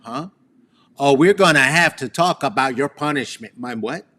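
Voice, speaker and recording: A man's voice: medium pitch, expressive, normal speed, bright, forceful tone. A man voicing a worried, furious middle-aged mother who scolds her son sharply, then tenderly. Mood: stern.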